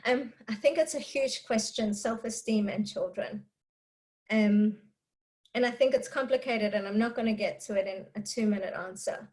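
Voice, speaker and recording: Woman, fairly high voice, candid, chatty, laughs often, answering parenting questions. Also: a little mellow, low-quality recording. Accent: non-Israeli English speaker living in Israel. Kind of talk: live talk with audience questions.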